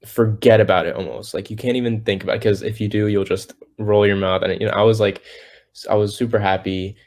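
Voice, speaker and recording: A teenage boy with a lowish voice talks through his story in loose, rambling chat. He leans on fillers and restarts, breaking into little voices when he quotes people. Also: fairly even intonation, fast talker, darkish tone. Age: teens. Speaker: guest singer. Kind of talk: casual interview.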